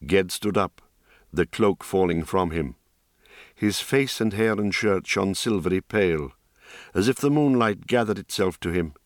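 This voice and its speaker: A man narrating a fantasy audiobook in calm, steady scripted storytelling. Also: deep voice, unhurried, no room sound, clean studio sound.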